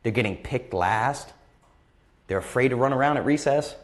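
A man's voice: medium pitch, normal speed. A man in his thirties hosting a live question-and-answer stream, talking bluntly and passionately and repeating phrases for emphasis. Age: 30s. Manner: impassioned, emphatic, gets worked up. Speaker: host of a live Q&A. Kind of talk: live-stream motivational talk.

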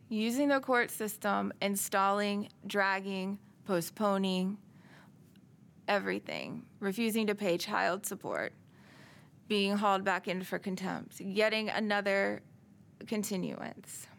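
A middle-aged woman speaks as an interview guest, her voice bright and edged with a gravelly fry. She tells her story in an earnest, measured way, with frequent pauses. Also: medium pitch. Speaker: interview guest, survivor of domestic abuse. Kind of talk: personal testimony in interview.

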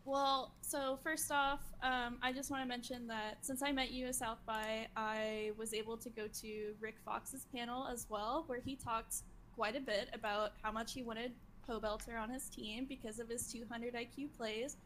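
A woman's voice: fairly high pitch, steady tone, moderate pace, fairly bright tone, a little hiss or hum. A young woman from Texas, calling in to a live show with an upbeat, rambling question. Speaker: caller. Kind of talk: call-in question.

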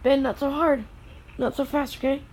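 A woman filming her children playing outside in the snow, narrating casually and calling out gentle, firm warnings to the kids. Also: sits high, steady tone, normal speed, low-quality recording. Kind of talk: casual family vlog. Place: outdoors in the snow.

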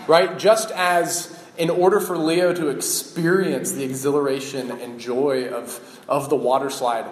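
A man in his thirties giving a relaxed sermon and telling a personal story, with frequent filler pauses. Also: mid-range voice. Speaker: campus minister. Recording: echoey hall with faint background noise.

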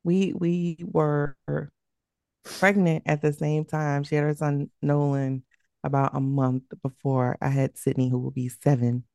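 A woman's voice: low-pitched, level tone, measured pace, warm tone, no room sound, clean studio sound. A woman co-hosting a podcast, chatty and teasing, still recovering from a sore throat. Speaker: podcast co-host. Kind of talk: casual podcast chat.

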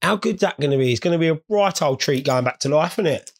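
A man's voice: on the high side, animated, fast, vocal fry. A man in a crude, rambling comedic rant, swearing freely as he talks to his viewers. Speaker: vlogger. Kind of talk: casual comedic rant to camera.

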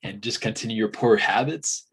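A man's voice: on the low side, moderate pace, husky. A man speaking earnestly as a podcast guest, posing challenging questions. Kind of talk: casual conversation.

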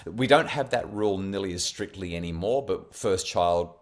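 A man speaks in a fairly low voice as a podcast guest. He talks as a parenting expert and tells stories in a conversational way. He brings them to life by acting out the dialogue with lively energy. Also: moderate pace. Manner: animated, acts out quoted dialogue with laughs.

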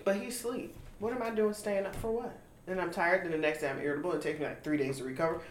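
A woman co-hosting a casual talk show, telling stories in a lively, laughing way. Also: on the low side, fast talker. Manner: animated, laughing storyteller. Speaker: podcast co-host. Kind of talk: casual chat. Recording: roomy echo, faint noise.

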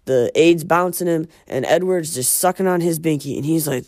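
A man's voice: fairly high pitch, moderate pace, few pauses, darkish tone, no echo, clean studio sound. A man hosting a casual monologue, rambling and profane, often interrupting himself. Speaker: podcast host.

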